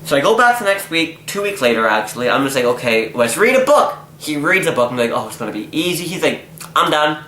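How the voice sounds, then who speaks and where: A young man telling a story in a casual vlog, animated and exasperated, acting out what people said. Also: a little high, fast talker. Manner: animated, exasperated, acts out quotes. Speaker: vlogger. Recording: echoey room, faint noise.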